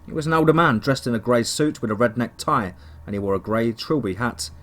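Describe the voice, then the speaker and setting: A man's voice: mid-range voice, expressive, a little fast. Man narrating a horror story, dramatic.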